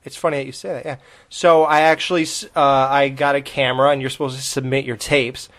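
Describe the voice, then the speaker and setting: A man's voice: medium pitch, flat delivery, fast talker, fairly bright tone. A man co-hosting a podcast in casual chat, rambling and joking with frequent restarts. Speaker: podcast co-host.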